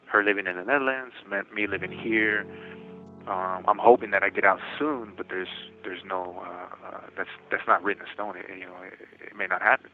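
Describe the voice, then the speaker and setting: A man's voice: deep voice, steady tone, slight background noise. Man on a tinny phone line. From United States. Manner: talks in quick bursts with many restarts, laughs telling stories. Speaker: incarcerated interviewee. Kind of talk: phone interview, personal storytelling. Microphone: telephone.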